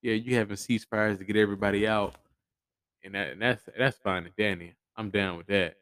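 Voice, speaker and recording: Low-voiced man with blunt, profane commentary. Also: steady tone, a little fast, a bit bright, clean tone, no echo. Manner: blunt, profane, frequent stammered restarts. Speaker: podcast host. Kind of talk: casual solo commentary.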